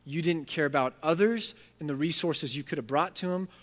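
A man's voice: fairly high pitch, brisk, lightly acted. A man voicing God as a loving but demanding father, emphatic and fatherly. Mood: stern. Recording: long hall reverb.

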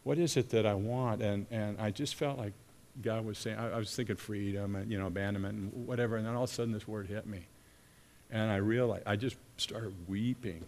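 A man preaches with a very deep, low-pitched voice that trails through the long reverb of a large church hall. He speaks earnestly and haltingly, often stopping partway and starting his sentences again. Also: steady tone, slight background noise. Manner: earnest, halting with many restarts. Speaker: pastor or worship leader. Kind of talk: sermon.

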